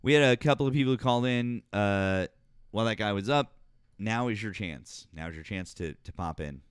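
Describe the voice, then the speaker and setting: A man's voice: fairly low pitch, fairly quick, smooth, no echo, studio quality. A man hosting a political call-in stream, arguing hard with a caller in a profane, combative way, his throat sore. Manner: argumentative, profane, talks over callers. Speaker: political talk show host. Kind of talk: heated live call-in debate.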